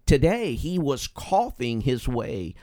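Folksy male talk radio co-host, animated, dry studio sound. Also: mid-range voice, slow, no echo. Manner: emphatic, folksy, jokey storyteller. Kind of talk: political talk radio banter.

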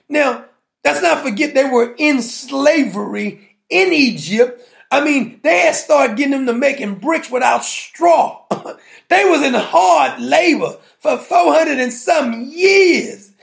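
A man's voice: extremely high pitch, animated, unhurried, gravelly. A man preaching a sermon in a colloquial, playful way, firing rhetorical questions and laughing with the congregation.

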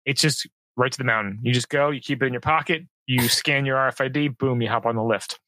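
A man's voice: mid-range voice, fast talker, dry recording. A man co-hosting a podcast, talking casually and with strong opinions about ski passes and resorts. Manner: animated, opinionated, enthusiastic about skiing. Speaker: podcast co-host. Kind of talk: casual chat.

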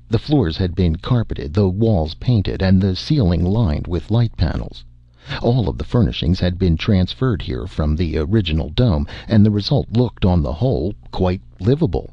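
A man reading a science fiction story aloud in a measured, expressive way. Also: sits low, breathy edge, no room sound, lo-fi sound. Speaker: narrator.

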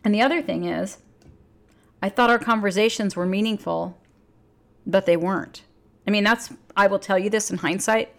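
Woman relationship coach, candid and blunt, swearing freely, lively emphatic delivery. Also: mid-range voice. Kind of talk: casual advice monologue.

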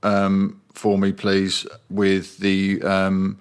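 Guy, lowish voice, calm and deadpan sarcastic. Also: clear, resonant tone. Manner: measured, dryly sarcastic. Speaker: podcast co-host. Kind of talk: casual film debate.

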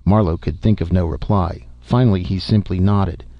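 A man reading an audiobook in a steady, even narration, on a dull, dry recording. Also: sits low, normal speed, no echo. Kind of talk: scripted narration.

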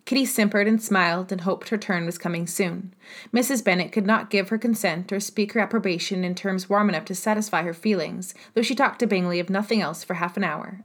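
Woman audiobook narrator, calm and measured. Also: mid-range voice. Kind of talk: audiobook reading of a classic novel.

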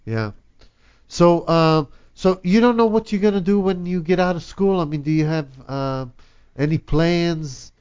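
A man's voice: fairly high pitch, a little slow, darkish tone, smooth. A middle-aged man hosting a casual chat, rambling with lots of fillers, laughing often and swearing. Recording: dull lo-fi recording.

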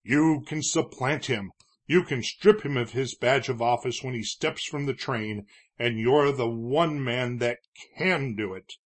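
A man's voice: mid-range voice, unhurried, natural voice. A man voicing an elderly, shrewd town judge who speaks in an earnest, pleading way. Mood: urging. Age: older.

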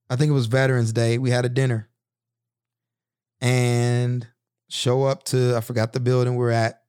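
A man's voice: medium pitch, darkish tone, clean tone, no echo. Earnest man in his thirties, dry. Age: 30s. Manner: earnest, reflective, conversational with many restarts. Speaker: podcast host. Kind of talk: personal storytelling monologue.

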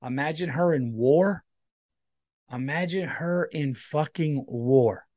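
A tired man, a comedian hosting a solo podcast, rambling in a profane, animated way. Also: fairly high pitch, takes it slowly, no echo.

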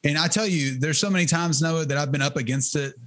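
A man in middle age tells his story with fervent conviction, his voice sitting a little higher than most men's. He talks conversationally, stumbling and restarting phrases as he goes. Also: fast, a bit bright. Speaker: interview guest, ministry leader. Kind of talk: testimony in conversation.

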